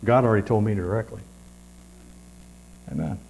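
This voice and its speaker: A man's voice: on the low side, normal speed, vocal fry, darkish tone, slight background noise, low-quality recording. A man preaching a sermon in a folksy, repetitive way, with frequent amens.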